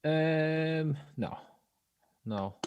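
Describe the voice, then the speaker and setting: A man, an actor and comedian, chatting as a podcast guest in relaxed, joking banter. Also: fairly high pitch, very slow, clean tone, no room sound, dull audio. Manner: laid-back, joking banter. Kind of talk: casual chat.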